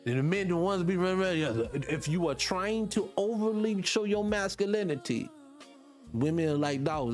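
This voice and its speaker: Blunt preachy radio host, man. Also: on the high side. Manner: blunt, preachy, addresses listeners directly. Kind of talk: casual morning radio talk.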